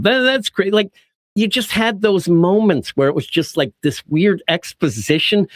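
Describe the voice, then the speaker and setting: A man co-hosting a casual podcast chat, his pitch swinging widely as he talks. He keeps slipping into quick quoted voices. The sound is dry and close. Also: dry recording. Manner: animated, acts out characters' lines in quick quoted voices. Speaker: podcast co-host reviewing comics.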